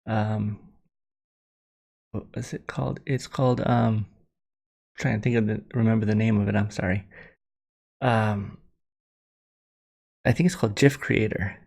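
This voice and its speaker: A man's voice: fairly low pitch, steady tone, measured pace, creaky, pauses often, darkish tone. A man hosting a casual livestream, rambling and apologetic, with many fillers and restarts. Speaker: livestream host.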